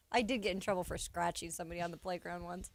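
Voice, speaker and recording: A woman's voice: on the low side, heavy background noise. A woman co-hosting a sports radio show, playful and wry in casual banter. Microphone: studio mic, dry.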